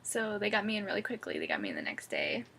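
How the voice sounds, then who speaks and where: A young woman talks into her camera from bed in a casual video diary, sounding groggy and drowsy. Her voice is gravelly and husky, and she rambles along in a soft, chatty, giggly way. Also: medium pitch, huge pitch swings, quick pace. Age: young adult. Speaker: vlogger. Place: at home, sitting up in bed.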